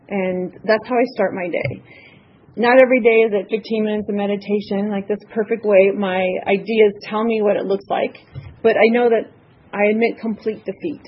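A woman's voice: mid-range voice, slightly rough. A woman giving a personal testimony at a recovery meeting, earnest and nervous, with many ums and restarts. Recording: slightly dull lo-fi audio, faint noise.

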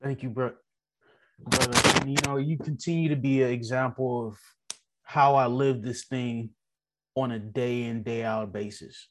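A man chairing a recovery meeting over a video call, speaking in a heartfelt, halting way. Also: mid-range voice, fairly even intonation, slight background noise.

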